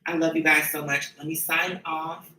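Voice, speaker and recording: A woman's voice: low-pitched, flat delivery, normal speed, bright, forceful tone, far from the mic, soft background music. A woman giving an impassioned, profane livestream monologue to her followers, ranting and preaching. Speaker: streamer addressing her followers. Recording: echoey room, voice off-mic.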